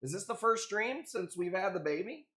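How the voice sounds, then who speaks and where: Guy running a live stream, kinda high voice, chatty and upbeat, shouting out viewers. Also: lively intonation, normal speed. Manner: upbeat, greets viewers by name. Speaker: live-stream host selling corals. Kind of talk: casual live-stream chat.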